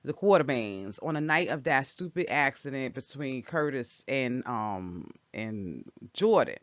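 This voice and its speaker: A woman's voice: a bass voice, expressive, a little slow, no echo. A woman casually recapping a soap opera episode, talking back at the characters with strong opinions. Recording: dull lo-fi dry recording.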